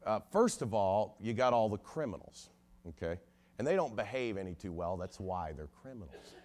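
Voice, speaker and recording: A man's voice: lowish voice, normal speed. A middle-aged man, a lawyer, telling a story to an audience and acting out the voices of the people in it. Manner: animated storyteller acting out quoted dialogue.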